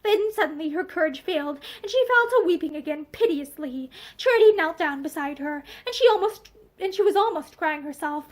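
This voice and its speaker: A woman reads a novel aloud, seated indoors and facing the camera. Her voice is very high and moves a great deal as she tells the story. Her delivery is expressive throughout. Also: a little fast. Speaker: audiobook reader.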